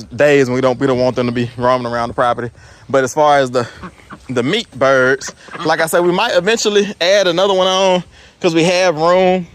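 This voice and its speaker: A man filming a casual farm vlog, walking and talking in a relaxed, rambling way with lots of fillers. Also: on the high side. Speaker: farm vlogger. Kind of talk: casual walk-and-talk vlog. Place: small farm, outdoors then indoors in a house. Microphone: handheld camera.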